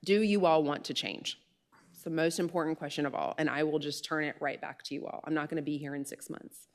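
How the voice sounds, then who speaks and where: An earnest woman in her late forties speaks to a legislative committee in a fairly low voice. She sounds heartfelt and moves close to tears. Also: fairly even intonation, a little fast. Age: late 40s. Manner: earnest, turns tearful and emotional. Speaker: state official. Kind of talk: prepared remarks to a committee. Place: legislative hearing room.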